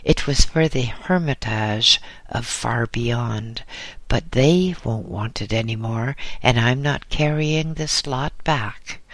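A man voicing a short, very fat male monk messenger who is chatty and wheezy, in a high-pitched voice. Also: takes it slowly, fairly bright tone, no echo. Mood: gossipy.

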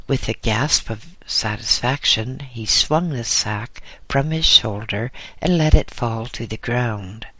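Slow, measured male audiobook narrator. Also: mid-range voice, sharp tone, no echo.

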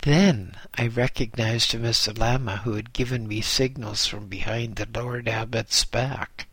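Slow, husky male storyteller. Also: medium pitch, steady tone, fairly bright tone, dry recording. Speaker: narrator. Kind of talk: first-person audiobook narration.

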